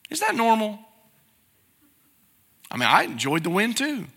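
High gravelly pastor preaching. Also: male voice, huge pitch swings, measured pace, sharp tone, long reverb tail. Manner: conversational, asks the congregation questions. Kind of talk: sermon.

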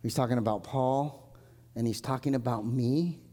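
A man preaching a live sermon in a church hall, earnest and emphatic, swinging between forceful lines and hushed ones. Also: mid-range voice, normal speed. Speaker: pastor. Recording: long hall reverb from a church.

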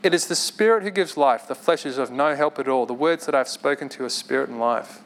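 A man preaching a sermon in an earnest, conversational way, with quick asides and light laughs. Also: mid-range voice.

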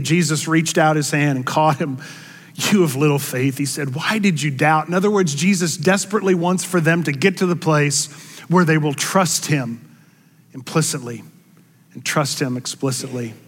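Pastor type, male, slightly higher voice, delivering a sermon with dramatic lifts for quoted lines, reverberant church sound. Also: moderate pace. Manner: expressive, rises in pitch and volume for quoted words. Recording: long hall reverb.

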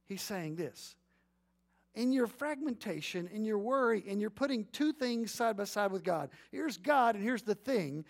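A middle-aged pastor with a notably high male voice delivers an animated sermon. He acts out little scenes in storytelling bursts, then slows down to lead his congregation in reading aloud together. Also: gravelly. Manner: leads congregation in responsive reading.

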